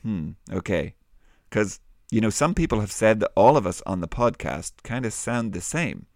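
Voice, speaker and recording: A man hosting a children's Bible podcast, with a warm, teacherly and lively way of talking. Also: lowish voice, normal speed, no room sound, clean studio sound. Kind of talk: friendly kids' Bible podcast.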